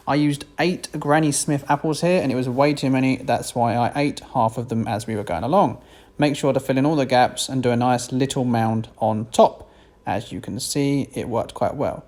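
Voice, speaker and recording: A man's voice: medium pitch, darkish tone. A British man giving a casual, self-deprecating voiceover for a home cooking video. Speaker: cooking vlogger.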